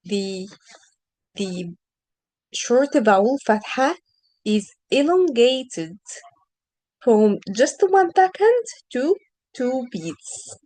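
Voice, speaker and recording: A woman's voice: a little high, very animated, extremely slow, pauses often, darkish tone, dry recording, low-quality recording. A woman teaching Arabic reading in an online lesson, asking questions patiently and stretching out the example sounds.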